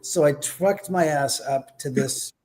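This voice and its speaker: A man's voice: fairly high pitch, slow. A man, a podcast guest telling a story and acting out the dialogue, speaking from home over a remote call. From Los Angeles, USA. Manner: animated, acts out quoted dialogue. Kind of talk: casual storytelling. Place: home in Los Angeles.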